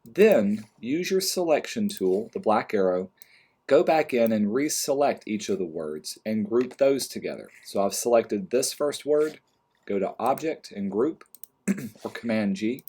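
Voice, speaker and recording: Male design instructor, lowish voice, calm step-by-step tutorial narration, clicks in background. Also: a little slow, slightly rough. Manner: calm step-by-step explaining, trailing off quietly. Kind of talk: screen-recorded software tutorial.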